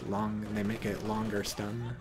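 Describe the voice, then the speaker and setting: A man's voice: fairly low pitch, flat delivery, a little slow, music in the background. A man commentating a strategy game on a live stream, joking and rambling while reading out chat.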